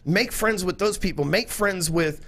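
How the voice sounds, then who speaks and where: A man's voice: sits high, normal speed, vocal fry, a bit bright. A man, a podcast guest talking in a blunt, profane, salesy way. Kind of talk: casual chat.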